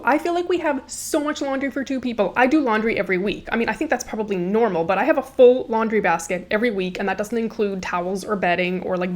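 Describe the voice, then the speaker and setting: A woman hosting a casual reaction chat, chatty and quick to laugh as she tells stories. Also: mid-range voice. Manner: chatty, laughs often, animated quoting. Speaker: host reacting to comedy clips.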